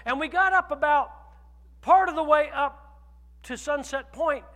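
A man preaching a sermon as pastor, telling a personal story with animated swings from loud declarations to hushed asides. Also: extremely high pitch, unhurried, big-room sound.

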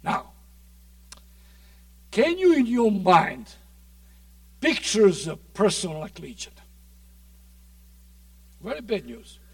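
A man preaching a sermon in a dramatic way, swinging from loud shouts to near-whispers, recorded dry from a distant mic. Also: high-pitched, huge pitch swings, slow, gravelly, pauses often, no echo.

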